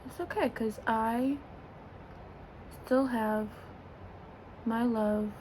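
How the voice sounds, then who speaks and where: A woman's voice: on the high side, steady tone, drawn-out words, a little mellow, a little hiss or hum, rough recording. A young woman rambling and gushing about her celebrity crush in a casual get-ready-with-me vlog, filmed on a phone as if on a video call. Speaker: vlogger. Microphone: phone camera, as on a video call.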